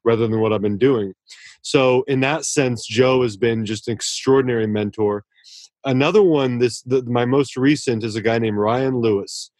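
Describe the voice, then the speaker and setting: A man's voice: mid-range voice, steady tone, moderate pace, darkish tone, dry recording. Male author guest, earnest and effusive, restarts a lot, dry recording. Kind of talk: casual interview talk.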